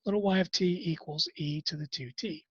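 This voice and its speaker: Speaking fairly quickly in a fairly high, husky voice with a fairly bright tone, a math instructor runs a college class. He talks problems through in a relaxed way with wry, self-mocking remarks. The lecture recording has no echo, and its highs are cut off.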